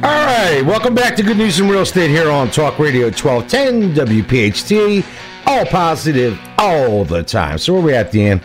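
A man's voice: a little high, moderate pace, over music. A man co-hosting a radio talk show, chatting casually and telling jokes. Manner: lively, chatty, laughs at his own jokes.

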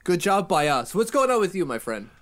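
A man co-hosting a casual sports podcast, animated and joking with his partner. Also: sits high, brisk. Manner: animated, jokey, reads ad copy. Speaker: podcast co-host.

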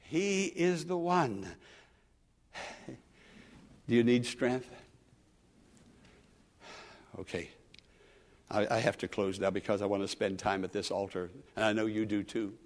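A male pastor preaching earnestly to a congregation. He repeats his phrases and moves between loud emphasis and soft asides. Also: fairly low pitch, unhurried, long pauses. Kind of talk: sermon. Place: church sanctuary. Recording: long church reverb.

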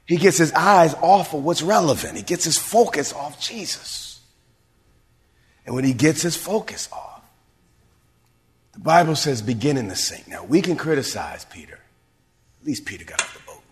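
A man's voice: fairly high pitch, sing-song, normal speed, pauses often. A man, a pastor, preaching a sermon to his church, building to emphatic calls and asking the congregation if they hear him. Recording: long reverb of a large hall.

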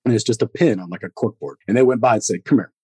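A man, a former Army Green Beret, talking as a podcast guest in a lively storytelling way, acting out the voices of people he quotes. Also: fairly low pitch, quick pace, breathy edge, no echo. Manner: animated storyteller who acts out quoted voices and laughs often. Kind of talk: casual storytelling conversation.

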